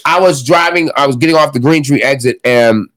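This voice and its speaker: A young man talking loosely as a podcast guest. He rambles, restarts his sentences and swears casually. His voice sits at an everyday middle pitch. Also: fairly quick, fairly bright tone, dry recording. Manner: rambling, many fillers and restarts, swears freely. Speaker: guest, gym owner and fighter.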